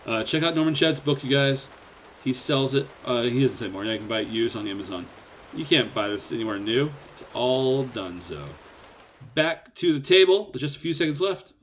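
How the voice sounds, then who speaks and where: Brief: man, poker-stream co-host, wry self-mocking banter, quick to laugh. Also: mid-range voice, lively intonation, fairly bright tone, slight background noise. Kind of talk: casual live-stream banter.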